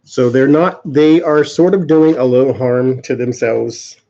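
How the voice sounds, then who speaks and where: Casting: man, tarot channel host, chatty and easygoing, low mellow tone, dull lo-fi stream sound. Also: fairly even intonation, unhurried, gravelly, slight background noise. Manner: chatty, laughs often, talks to viewers. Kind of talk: casual live-stream tarot reading.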